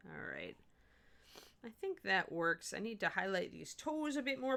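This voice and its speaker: This middle-aged woman speaks at a measured pace in a gravelly, mid-range voice while painting miniatures on a livestream. Chatty and animated, she thinks out loud, corrects herself, and responds to the chat as she works.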